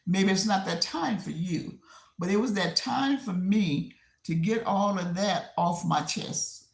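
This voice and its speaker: A woman hosting a casual livestream from home while she clears her desk. She rambles and repeats herself, laughing often. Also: mid-range voice, measured pace. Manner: rambling and repetitive, with frequent laughs. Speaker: livestream host. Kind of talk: casual live-stream chat. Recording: roomy echo.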